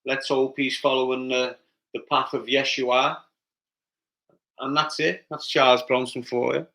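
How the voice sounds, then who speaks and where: Scouse fella chatting on his livestream, reads out names and answers them, mid pitch. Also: little pitch movement, measured pace, bright, forceful tone. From Liverpool, England. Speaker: livestream host reading viewer comments. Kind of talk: casual livestream chat.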